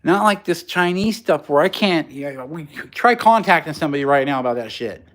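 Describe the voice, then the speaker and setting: A man's voice: a little high, lively intonation, brisk, a bit bright. A man talking casually on a livestream from his garage workshop, rambling and frank, often laughing at himself. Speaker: livestream host, maker.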